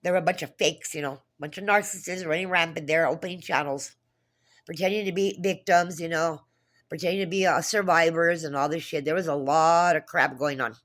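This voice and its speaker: A woman's voice: low-pitched, fairly even intonation, brisk, fairly bright tone. A woman talking to camera in an agitated, profane monologue, retelling a phone call with many restarts. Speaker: vlogger. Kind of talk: casual monologue.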